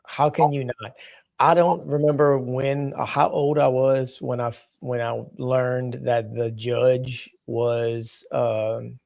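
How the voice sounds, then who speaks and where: A man co-hosting a podcast in casual chat, enthusiastic and quick to laugh. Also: mid-range voice, flat delivery, gravelly, a little mellow, no echo. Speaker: podcast co-host.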